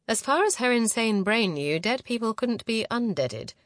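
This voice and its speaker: A woman reading a novel aloud as narrator, in a measured, close and intimate way. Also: fairly high pitch, animated, no echo. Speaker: audiobook narrator. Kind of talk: scripted narration.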